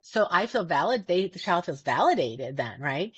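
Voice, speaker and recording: A woman's voice: fairly low pitch, very animated, normal speed, a bit bright, husky, dry recording. A woman hosting a podcast, talking casually and earnestly about feelings, stressing her points and often repeating words. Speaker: podcast host. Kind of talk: casual self-help talk. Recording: dull, dry lo-fi sound.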